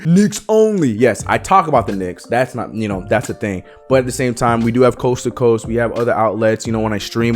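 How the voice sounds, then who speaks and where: A young man hosting a sports channel, ranting in an animated, emphatic way and stretching words out slowly to hammer a point. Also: on the low side.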